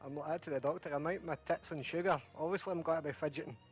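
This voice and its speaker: A man chatting casually while gaming, relaxed and agreeable. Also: on the high side, very fast, faint music behind.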